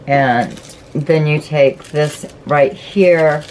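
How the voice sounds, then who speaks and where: A woman's voice: sits low, drawn-out words, a little mellow, a little hiss or hum, low-quality recording. A woman hosting a casual craft flip-through, chatty and gushing as she explains each step. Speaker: craft channel host.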